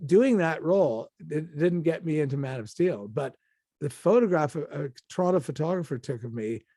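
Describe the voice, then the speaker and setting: An older man tells stories as an interview guest, restarting his sentences and acting out what other people said. His voice sits a little high for a man. The recording is dry and close, with no room sound. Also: moderate pace, no echo. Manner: animated anecdotes with many restarts and acted-out quotes. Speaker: actor guest. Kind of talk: casual interview storytelling.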